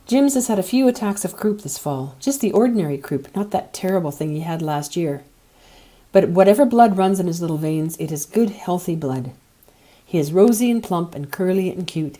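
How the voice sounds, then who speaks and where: A woman reading a novel aloud as an audiobook, in a measured, gentle way. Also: lowish voice. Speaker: audiobook reader.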